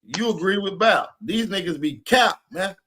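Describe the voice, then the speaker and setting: A man in a casual panel chat, loud and joking, egging the others on. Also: sits high, lively intonation, moderate pace, slight background noise.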